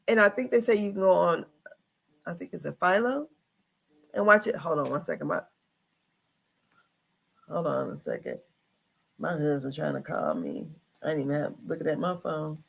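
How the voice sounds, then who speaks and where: A woman's voice: lowish voice, expressive, moderate pace, gravelly, long pauses, husky. A middle-aged woman hosting a casual livestream, chatty and folksy, calling her viewers honey. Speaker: livestream host.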